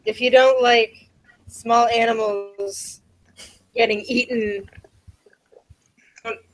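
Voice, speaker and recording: A woman's voice: fairly high pitch, fairly even intonation, takes it slowly, low-quality recording. A woman chatting casually with friends while she feeds her pet snake, laughing often. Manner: giggly, chatty. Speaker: host feeding her pet snake on a group call. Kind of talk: casual group chat.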